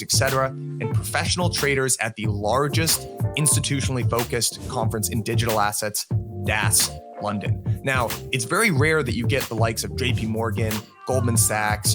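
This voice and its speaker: Upbeat male announcer over loud music. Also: medium pitch. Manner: upbeat salesy delivery. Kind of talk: read promotional ad. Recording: music bed under voice.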